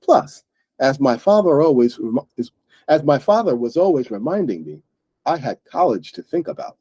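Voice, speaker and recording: A man hosting an English book club, explaining words slowly and plainly to learners and often checking in with "right?". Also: mid-range voice, very animated, mellow, breathy edge, dry recording.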